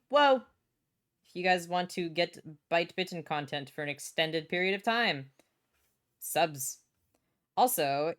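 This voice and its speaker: A young woman livestreaming from her home setup, chatting and reacting to chat while she works. She is bubbly and swears freely, and her voice is smooth and clear and sits a little low. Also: fairly bright tone. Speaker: streamer.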